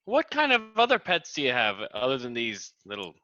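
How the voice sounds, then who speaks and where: A man's voice: mid-range voice, wildly swooping pitch, fairly quick, pushed and bright, dry recording. A man playing a tabletop game who banters in character in a blunt, playful way. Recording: dull, lo-fi dry mic.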